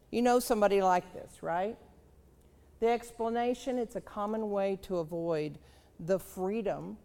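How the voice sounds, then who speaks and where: A woman leadership trainer giving a live seminar talk, with slow, questioning, storytelling delivery and a gravelly voice. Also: mid-range voice, warm tone, long reverb tail.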